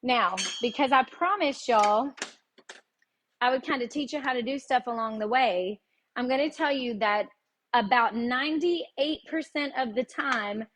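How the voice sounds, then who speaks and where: A woman with a Tennessee Southern accent, hosting a live cooking lesson and chatting folksily with her viewers as she goes. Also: on the high side. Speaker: cooking show host.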